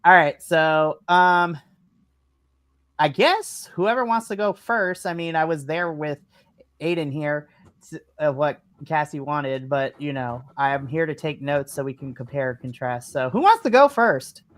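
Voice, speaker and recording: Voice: medium pitch, lively intonation, a little slow, close to an everyday voice. A game master voicing a nervous, rambling teenage boy. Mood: hesitant. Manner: hesitant, trailing off with "I guess". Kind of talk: tabletop role-play character voice.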